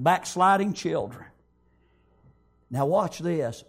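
Preacher guy, high voice, folksy, goes quiet then hollers up. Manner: rhythmic preaching, swings between hushed lows and raised calls; folksy, nonstandard grammar. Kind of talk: sermon.

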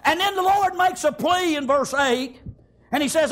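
A man preaching a fervent revival sermon, often shouting and punctuating with "amen" and "praise God". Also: very high-pitched, moderate pace.

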